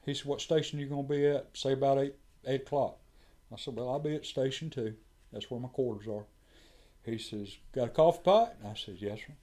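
A man tells a firehouse story in a relaxed, conversational way. His voice sits in an ordinary middle pitch, and he slips into the voices of the people he is quoting. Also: a little fast. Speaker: firefighter telling a story.

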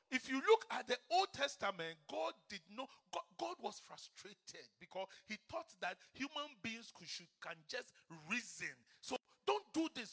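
A man preaching a sermon, repeating phrases and swinging between loud fervent proclamation and hushed, lowered passages.

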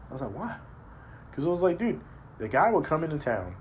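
A man's voice: on the high side, fairly quick, slight background noise. Blunt, profane man in casual chat. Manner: profane, blunt, animated storytelling.

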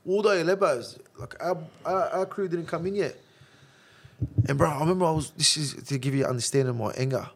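A man's voice: fairly high pitch, fairly quick, creaky, breathy edge. A man telling blunt, profane stories in a casual interview chat. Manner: blunt, profane, calls listener bro. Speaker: interview guest.

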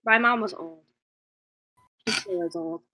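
A woman's voice: medium pitch, measured pace, pushed and bright, no room sound. A young woman on a casual podcast call with friends, dropping dry, sarcastic side comments. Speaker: podcast co-host. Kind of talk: casual chat among friends. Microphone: own mic on an online call.

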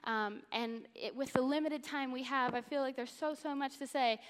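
A woman from Missouri teaches a church congregation with warm enthusiasm and earnest conviction. Her voice sits a little high. A long reverb from the large auditorium trails each phrase through the stage microphone. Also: fairly even intonation, moderate pace, smooth. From Missouri, USA. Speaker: church speaker. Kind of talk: sermon-style Bible teaching.

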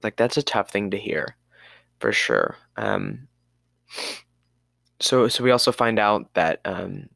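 A man with a low, gravelly voice walks through a movie plot for a podcast. His casual recap rambles, and he sometimes loses his place. The recording is dry and close. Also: sing-song, slow pace, long pauses, a bit bright, no echo. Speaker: podcast co-host.

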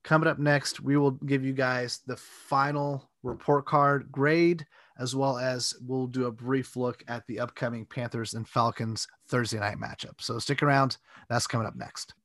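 A man co-hosting a casual sports podcast, talking in a relaxed, rambling way. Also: medium pitch, moderate pace, no echo. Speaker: podcast co-host.

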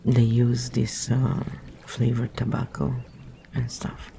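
Gravelly man reading and musing. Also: medium pitch, monotone, takes it slowly, slight background noise. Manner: rambling, musing asides with chuckles. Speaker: reader. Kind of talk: book reading with commentary.

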